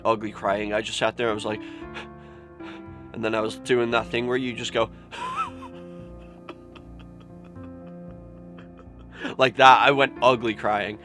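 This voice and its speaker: A man's voice: medium pitch, a bit bright. A young man vlogging, telling a personal story candidly and emotionally, swearing often and saying "like" a lot. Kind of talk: confessional vlog storytelling.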